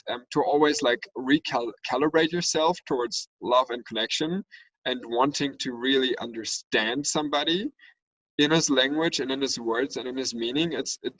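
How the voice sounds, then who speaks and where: A man's voice: medium pitch, fairly bright tone, dry recording, recorded from a distance, rough recording. A man co-hosting a podcast, talking earnestly in casual discussion and often searching for his words. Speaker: podcast co-host.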